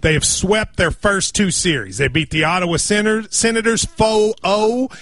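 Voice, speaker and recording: A man in his forties hosting a sports radio show in casual banter, chatty and quick to laugh at himself. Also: sits high, a bit bright, dry recording.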